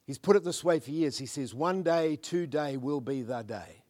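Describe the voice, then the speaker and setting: A man preaching a sermon, swinging between loud, fervent declarations and hushed, murmured prayers. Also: on the high side, normal speed. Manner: mimics churchgoers in asides.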